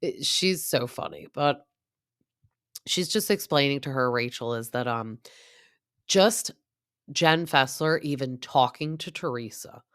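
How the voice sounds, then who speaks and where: A woman's voice: a bass voice, unhurried, long pauses, a bit bright, smooth, dry recording, studio quality. A woman in her thirties giving a chatty, gossipy recap of a reality show, full of asides and quoted lines. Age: 30s. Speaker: podcast host.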